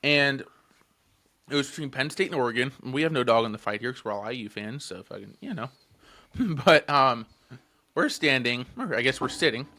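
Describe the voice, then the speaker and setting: A podcast co-host in his twenties tells a story casually, swearing freely, laughing often and leaning on fillers. His voice is mid-range and sharp, expressive at a normal speed.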